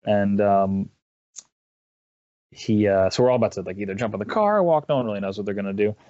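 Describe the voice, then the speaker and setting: A man's voice: fairly low pitch, expressive, warm tone, dry recording, muffled recording. A man chatting casually as an interview guest, rambling and restarting his sentences. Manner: rambling, halting, with many restarts. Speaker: interview guest, esports caster. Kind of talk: casual chat.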